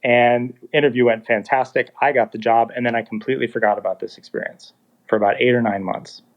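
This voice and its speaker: A man in his thirties tells his story in a relaxed, conversational way, voicing the people in it as he goes. His voice sits at a middle pitch. The recording sounds a little dull and lo-fi. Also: brisk. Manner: animated, acts out dialogue in quotes. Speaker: guest telling his story. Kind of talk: casual first-person storytelling.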